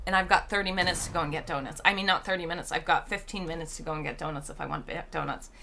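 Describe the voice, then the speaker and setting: Bright-voiced woman with a strained voice. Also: deep voice, steady tone, rapid-fire, creaky. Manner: chatty, rambling, reads chat aloud. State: strained, tired voice. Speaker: game streamer. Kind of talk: casual live-stream chat.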